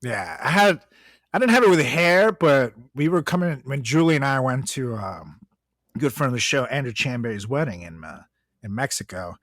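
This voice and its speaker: Lively, swearing young man ranting. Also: medium pitch, moderate pace, dry recording, clean studio sound. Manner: profane, ranting, laughs often. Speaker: podcast co-host. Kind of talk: casual chat.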